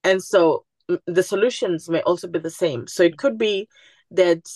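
A woman's voice: on the low side, normal speed, a little mellow, dry recording. A woman guest on a podcast interview, talking earnestly and animatedly, acting out the voices of people she quotes. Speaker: podcast guest, community group founder. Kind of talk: conversational interview.

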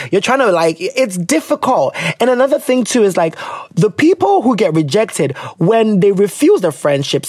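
Young podcast host, animated and swearing freely, dry close mic. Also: medium pitch, no echo. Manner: animated, laughing, swearing, switching into local phrases. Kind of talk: casual chat reading listener letters.

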